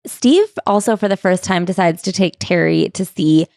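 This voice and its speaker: Animated woman retelling a story. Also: lowish voice, normal speed, vocal fry, no room sound, clean studio sound. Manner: animated storyteller, acts out quotes. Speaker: podcast co-host. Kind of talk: casual book club chat, retelling a memoir.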